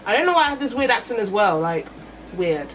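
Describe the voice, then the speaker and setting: A young woman talks through a beauty review, musing aloud and often doubling back on her words. Her voice sits at a middling pitch, and a faint hiss of room noise stays behind her. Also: very animated, fast talker, fairly bright tone, poor audio. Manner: chatty, thinking aloud, self-correcting. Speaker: beauty vlogger. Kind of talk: makeup review vlog.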